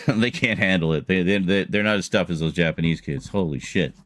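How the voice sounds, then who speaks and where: A man's voice: low voice, normal speed. A man streaming a casual chat, telling a long story in a rambling way with laughs and restarts.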